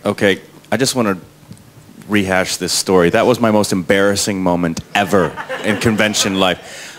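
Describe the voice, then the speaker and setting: A man on a convention press panel, telling an anecdote with lively delivery and acting out other people's voices. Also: moderate pace, a little hiss or hum. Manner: acts out other people's voices in high tones.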